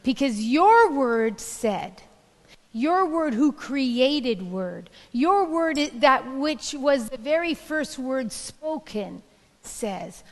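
A woman pastor preaching a sermon, building through slow, emphatic repeated questions. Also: high voice, lively intonation, big-room sound.

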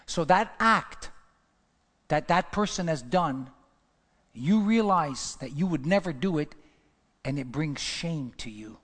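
A male pastor preaching with emphatic, repeated exhortations in a slightly higher voice. The sermon rings out with a long reverb in the church. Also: animated, slow, long pauses, fairly bright tone.

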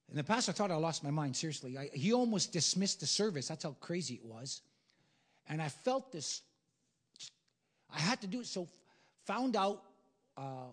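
A man preaching a sermon as a pastor, telling a story and swinging from hushed whispers to loud, emphatic bursts. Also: on the high side, husky.

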